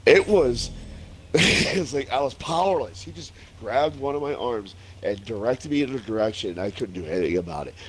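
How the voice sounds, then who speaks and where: A man's voice: medium pitch, expressive, moderate pace, a little hiss or hum. A man in his forties chatting casually while gaming, telling stories with lots of swearing and laughter. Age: 40s. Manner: profane, laughing storyteller. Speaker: streamer.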